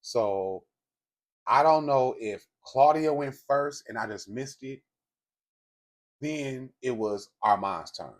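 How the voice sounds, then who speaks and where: A man's voice: mid-range voice, slow pace, pauses often. A man telling a gossip story straight to his viewers, in a casual, blunt and profane way. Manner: speaks directly to viewers. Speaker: commentary host. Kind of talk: casual celebrity gossip commentary.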